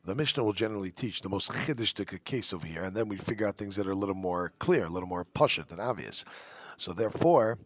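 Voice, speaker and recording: A man's voice: low-pitched, animated, fast talker. A man teaching a Talmud lesson, reading the text in a sing-song study chant and explaining each phrase in casual English.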